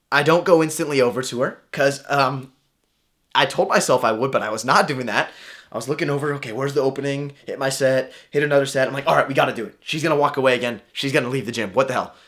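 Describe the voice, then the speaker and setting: A young man telling a story in a casual, animated way, acting out his own thoughts as he goes. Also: mid-range voice, fast. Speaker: vlogger.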